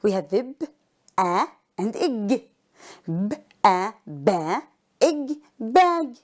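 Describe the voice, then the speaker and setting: A woman's voice: medium pitch, big pitch swings, extremely slow, darkish tone. A woman teacher with an Arabic accent giving a phonics lesson to children, sounding out letters one by one and praising often. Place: recorded for a broadcast school lesson.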